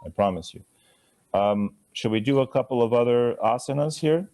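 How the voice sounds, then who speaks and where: A medium-pitched man with a dark tone gives a live lesson on Sanskrit pronunciation. Conversational throughout, he stretches words slowly to demonstrate them and chuckles through playful asides.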